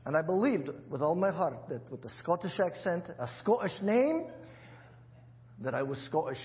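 A man's voice: a little high, sing-song, normal speed, lo-fi sound. A man preaching a sermon in a church, in a chatty, joking way with many restarts. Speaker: pastor.

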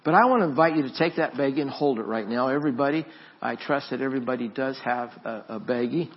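A man preaching a sermon as pastor, swinging from loud emphatic exhortation to soft, reflective storytelling. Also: medium pitch, quick pace, highs cut off.

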